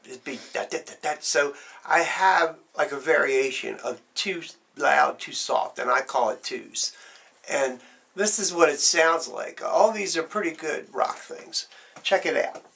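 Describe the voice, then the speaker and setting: A man's voice: fairly high pitch, expressive, a little slow, creaky. A man teaching drum strokes, explaining plainly and counting beats aloud as he demonstrates. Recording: loud background noise.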